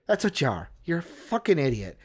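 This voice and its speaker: A man hosts a casual sports talk show. His voice sits a bit high, and he rambles before working himself up into heated bursts. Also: a little fast, husky. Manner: heated, rambling, animated when worked up.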